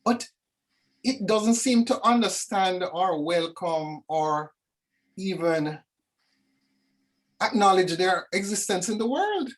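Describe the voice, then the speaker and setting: Woman, discussion guest; animated, reflective, dramatic asides; video call. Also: fairly low pitch, takes it slowly, long pauses. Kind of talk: reflective conversation.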